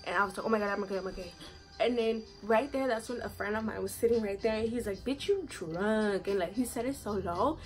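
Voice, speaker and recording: A young woman chats through a casual storytime, peppering it with slang, curses and endless 'like'. Her voice sits at an ordinary middle pitch, with soft music playing faintly underneath. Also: fast. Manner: slangy, profane, fillers of 'like'. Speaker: vlogger.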